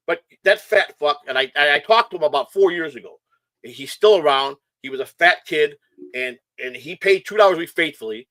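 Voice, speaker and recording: A middle-aged man from Chicago who talks in a hyper, rambling rush, full of profanity and tangents. His voice sits a little high and comes across forceful and tense. The sound is dry and close. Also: expressive, normal speed, no echo. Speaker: show host. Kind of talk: casual livestream chat.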